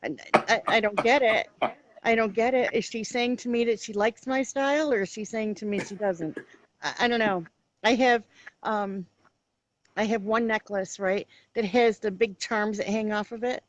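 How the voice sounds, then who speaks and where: A woman's voice: medium pitch, normal speed, low-quality recording. A middle-aged woman hosting a talk show, chatting and animatedly acting out family stories. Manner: animated storyteller, acts out her daughter's lines. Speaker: show host. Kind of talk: casual chat.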